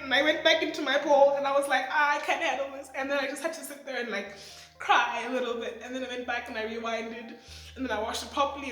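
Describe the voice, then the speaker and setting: A woman in her twenties talking through a show review, excitable and rambling with lots of fillers. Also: high-pitched. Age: 20s. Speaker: vlogger. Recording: echoey room, faint music.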